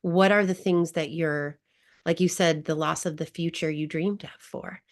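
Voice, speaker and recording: A woman's voice: low-pitched, moderate pace. Emotional woman telling a personal story. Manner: emotional, animated, laughs often while telling a story. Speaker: grief recovery guest coach. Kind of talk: personal storytelling in an online class.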